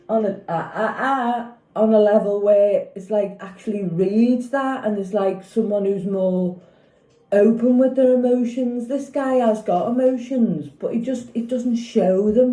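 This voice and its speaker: A woman's voice: fairly high pitch, dark tone. A woman in her fifties chatting casually in a vlog, giving rambling opinions on a TV show and often checking if you follow her. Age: 50s. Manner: rambling, opinionated, keeps asking "do you know what I mean". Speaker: vlogger. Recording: echoey room.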